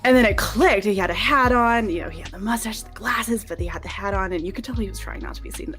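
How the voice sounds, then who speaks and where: A woman from New Mexico telling a story on a livestream, animated, acting out quotes and laughing through it. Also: mid-range voice, fast talker, faint music behind. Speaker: guest.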